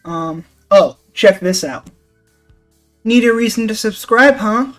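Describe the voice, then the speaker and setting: A man's voice: high-pitched, lively intonation, slow pace, a bit bright, soft background music. Joking young man reviewing a game. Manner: jokey, sarcastic, swears casually. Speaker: gaming channel host.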